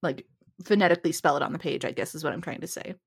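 Low-voiced opinionated woman podcaster. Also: rapid-fire, vocal fry, breathy edge, dry recording, clean studio sound. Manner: opinionated, laughs often. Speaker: podcast co-host. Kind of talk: casual chat.

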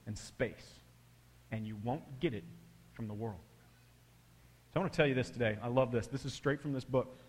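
A middle-aged man preaching a sermon, telling stories animatedly and swinging from loud bursts to hushed, quiet passages. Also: medium pitch. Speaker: pastor. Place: large church hall. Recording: long hall reverb.

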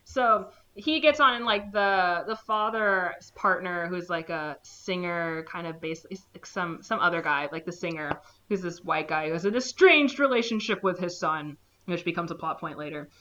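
Bright lively woman recapping a movie. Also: fairly low pitch, a little hiss or hum. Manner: animated storytelling, acting out characters with quick quoted lines. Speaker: podcast co-host recapping a movie. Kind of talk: casual chat. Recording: slightly dull lo-fi recording.

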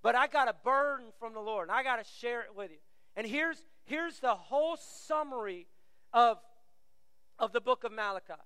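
Middle-aged male pastor, animated sermon delivery, crisp resonant tenor, long hall reverb. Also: very high voice, moderate pace. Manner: animated storyteller, acts out quoted voices.

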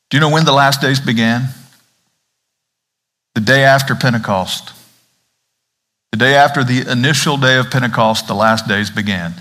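A man's voice: mid-range voice, pushed and bright. Man, Southern American accent, pastor, conversational sermon, asks the congregation questions.

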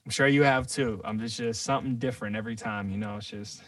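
A man's voice: on the low side, steady tone, fast, fairly bright tone, no room sound, far from the mic. A man co-hosting a podcast, ranting casually with lots of swearing and filler. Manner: profane, rambling, says dude a lot. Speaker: podcast co-host.

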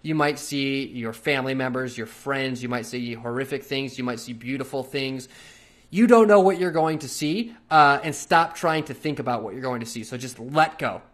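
A man at a middle pitch talks through a personal story on his podcast. He keeps it relaxed and unscripted, with plenty of fillers, restarts and the odd casual swear word. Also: normal speed. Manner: loose, chatty, with frequent fillers and casual swearing. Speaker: podcast host.

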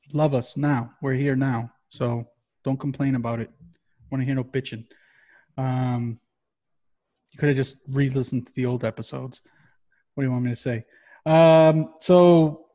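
A man co-hosting a podcast in casual chat, rambling and swearing constantly in an animated way. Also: mid-range voice. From Massachusetts. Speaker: podcast co-host.

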